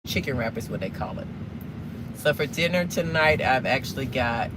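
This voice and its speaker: Woman, casual chat while driving, rambling and chatty, phone mic in a car, clear road noise. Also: extremely low pitch, expressive, moderate pace. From Southern United States. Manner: rambling, chatty, asks viewers questions. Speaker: live-streaming vlogger. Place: inside a car in traffic.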